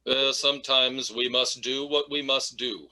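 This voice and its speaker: A man playing a pompous wealthy businessman father, speaking formally and haughtily with some halting restarts. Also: mid-range voice, steady tone, pushed and bright.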